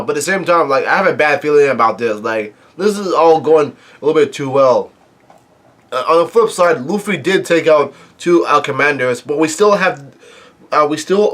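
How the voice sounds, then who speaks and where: A man's voice: on the high side, a bit bright. Rambling man recapping a comic chapter. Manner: rambling, many ums and restarts. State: coughing now and then. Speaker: manga reaction host. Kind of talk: casual recap and commentary.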